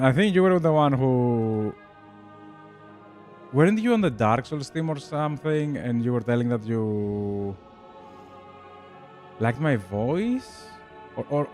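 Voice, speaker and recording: Streaming a strategy game, a young man from Greece talks casually with viewers in a Greek accent, laughing often and calling chat "bro." His voice sits at medium pitch with a slightly mellow quality.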